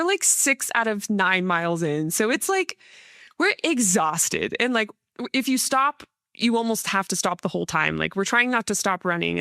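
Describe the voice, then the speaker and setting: A woman's voice: medium pitch, creaky, bright, forceful tone, no room sound, clean studio sound. A woman hosting a podcast, telling a story in a rambling, casual way with lots of fillers. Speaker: podcast host. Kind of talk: casual interview chat.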